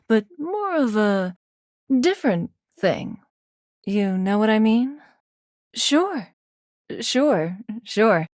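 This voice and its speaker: A woman's voice: fairly high pitch, no echo, studio quality. An actress voicing a brash, flirty, self-centered female video game character who is teasing and sarcastic but turns insecure. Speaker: voice actor. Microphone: studio microphone.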